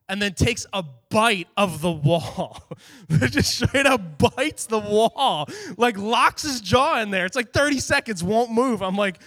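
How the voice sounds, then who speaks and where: High-voiced animated young pastor. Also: male voice, moderate pace, no room sound, clean studio sound. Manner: animated, acts out quotes. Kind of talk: casual storytelling sermon.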